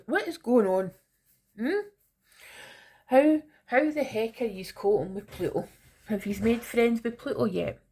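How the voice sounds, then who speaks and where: Chatty woman with a gravelly voice. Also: mid-range voice. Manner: chatty, teasing, talks straight to viewers. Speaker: tarot reader. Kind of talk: casual tarot reading to camera.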